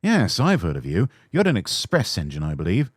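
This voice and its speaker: A man puts on a stately big express engine, polite and dignified, for a storybook. The pitch moves freely over a low voice, close and dry. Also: huge pitch swings, moderate pace, breathy edge, dry recording, exaggerated voice.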